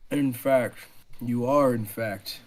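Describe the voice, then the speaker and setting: A man's voice: medium pitch, slow. A man running a tabletop game as dungeon master, describing scenes with frequent fillers.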